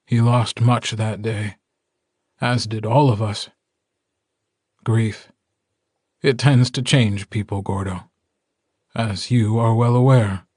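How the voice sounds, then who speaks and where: A man voicing a calm, kindly male werewolf alpha in an audiobook, speaking in a measured, gentle way. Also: on the low side, slightly rough, no echo, studio quality. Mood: solemn. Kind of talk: audiobook character dialogue.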